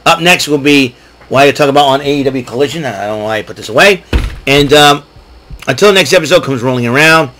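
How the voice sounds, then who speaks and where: Male solo podcast host, excitable and conversational, frequent throat clearing. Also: mid-range voice, fast, low-quality recording. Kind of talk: casual solo recap.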